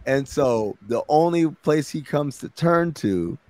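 A young man hosting a podcast, telling a story in an animated, profane, slangy way. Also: on the high side, slow, no echo. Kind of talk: comedic storytelling.

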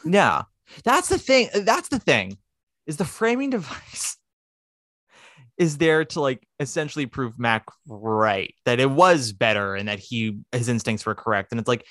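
A podcast host in casual chat, talking in an animated, opinionated way with quick asides. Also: medium pitch, dry recording, studio quality.

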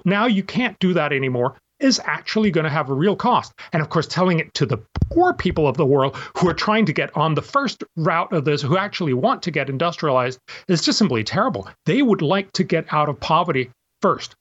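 A man's voice: a little high, animated, fairly quick, lo-fi sound. A man, an author and guest, explaining his view at length with examples and imagined quotes in an interview. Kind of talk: interview answer.

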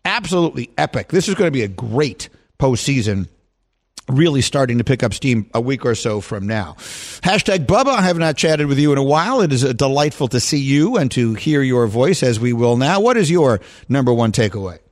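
A man hosting a sports talk radio show, chatting casually, teasing his guests and laughing easily. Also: medium pitch. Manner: animated, quick to laugh and tease.

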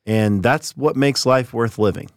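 A man's voice: medium pitch, measured pace, no echo, studio quality. A man co-hosting a podcast, chatty and laughing, reading out listener comments and the show outro. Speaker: podcast co-host. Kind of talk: casual political chat.

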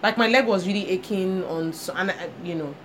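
A podcast co-host tells a lively story in casual chat, voicing the people she's quoting. Her mid-range voice moves fairly quickly, and there's faint background noise.

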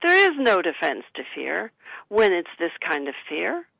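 Gravelly bright-voiced author giving gentle advice. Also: mid-range voice, huge pitch swings, a little slow, dry recording, low-quality recording. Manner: gentle, coaching, acts out soothing sample replies. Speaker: author and guest. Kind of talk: conversational advice talk.

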